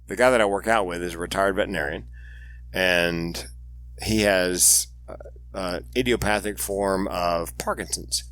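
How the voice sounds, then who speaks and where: A man in his sixties who speaks on suicide prevention tells stories in an interview with animated energy and jokes, doing voices for the people in his anecdotes. His voice sits low and he talks at a normal speed.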